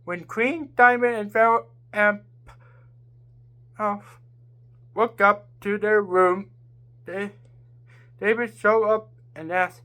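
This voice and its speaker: A woman narrating a homemade story in a halting way, with slips and restarts. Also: mid-range voice, fairly even intonation, sharp tone.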